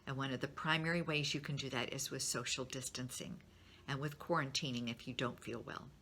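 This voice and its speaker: A woman's voice: a bass voice, steady tone, brisk, sharp tone, slight background noise. A middle-aged woman speaking to her business network in a candid, encouraging way, openly sharing her feelings. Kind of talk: personal talk to a business network.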